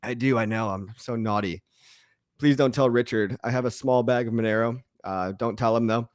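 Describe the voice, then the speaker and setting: A man's voice: mid-range voice, steady tone, a little fast, clean tone, dry recording, clean studio sound. A man hosting a casual crypto live stream, reading chat comments and rambling with jokes and the odd swear word.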